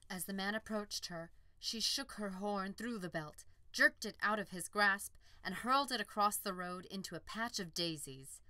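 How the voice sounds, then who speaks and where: A woman narrating an audiobook in a calm, measured storytelling voice. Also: mid-range voice, no echo. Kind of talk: scripted narration.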